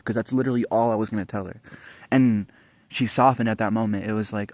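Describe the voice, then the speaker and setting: A young man talks straight into the camera in a loose, rambling rant, swearing freely and tripping over his restarts. His voice sits low, and the sound is dry and close with no room around it. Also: steady tone, fast, a little mellow, dry recording. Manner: profane, rambling, frequent restarts. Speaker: vlogger. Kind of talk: casual rambling monologue.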